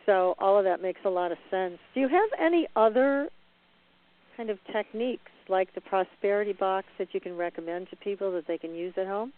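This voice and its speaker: Calm interview host, smooth clear voice, dry phone-line sound. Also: mid-range voice. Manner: measured, affirming. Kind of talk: interview questions.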